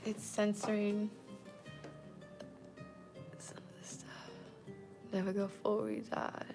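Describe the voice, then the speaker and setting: A woman's voice: medium pitch, little pitch movement, takes it slowly, pauses often, a little mellow, faint music behind. A woman chatting casually on a livestream as host, rambling, often dropping to a whisper and giggling.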